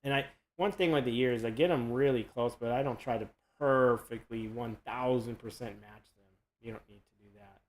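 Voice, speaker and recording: A man casually explaining his sculpting process during a live demonstration, relaxed and rambling as he works. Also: medium pitch, normal speed, low-quality recording. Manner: relaxed, rambling, self-correcting.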